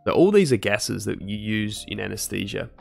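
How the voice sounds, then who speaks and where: A man's voice: on the low side, lively intonation, normal speed, gravelly, faint music behind. A young man chatting casually with his live-stream chat while he studies medicine. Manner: casual, chatty, laid-back slang.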